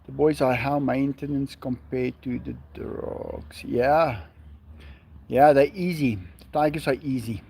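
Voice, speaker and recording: A man's voice: mid-range voice, slow pace, creaky, darkish tone, slightly rough. A man hosting a casual live stream outdoors at home, reading viewer comments aloud and answering them. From South Africa.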